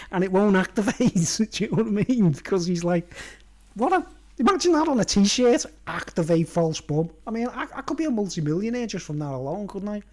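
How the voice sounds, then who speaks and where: Very animated and fairly quick, a man with a high-pitched, darkish voice rambles through a casual vlog in a slightly raised voice. He laughs at his own jokes and keeps checking in with "you know what I mean," letting the talk run on loosely.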